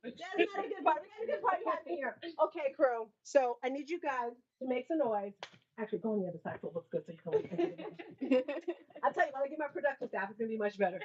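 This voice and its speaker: A middle-aged woman hosting a live-streamed book event. She is animated and laughs often as she talks to the audience. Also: sits high, fast. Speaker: host and author. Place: bookstore event space. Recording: dull lo-fi sound.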